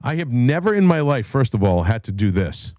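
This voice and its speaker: A middle-aged man hosting his own show, ranting with heavy swearing, going from low muttering to loud heated bursts. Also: big pitch swings, brisk, dry recording, studio quality. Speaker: podcast host. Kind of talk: profane ranting commentary.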